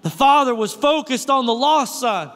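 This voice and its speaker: High-voiced male pastor preaching, animated and questioning, long hall reverb. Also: normal speed. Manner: animated, asks the crowd questions, repeats key lines. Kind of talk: sermon.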